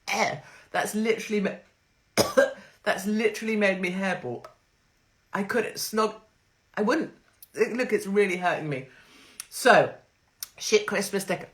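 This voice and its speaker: A woman's voice: medium pitch, lively intonation, normal speed, fairly bright tone. A middle-aged woman, hosting a crude, sarcastic livestream monologue from home on her phone. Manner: brash, crude, sarcastic, swears freely. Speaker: livestream host.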